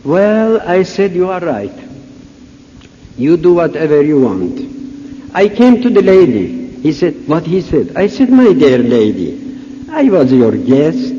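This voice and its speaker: An older Persian man speaks unhurried, halting English, acting out both sides of a conversation as he tells a funny story. His voice sits high for a man. The recording is muffled and lo-fi, with a long hall echo and a faint hiss. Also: big pitch swings, warm tone. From Iran. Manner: halting non-native English, storytelling with dialogue. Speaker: conference speaker. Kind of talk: humorous anecdotal speech. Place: large conference hall. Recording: echoey hall, dull lo-fi audio, faint hiss.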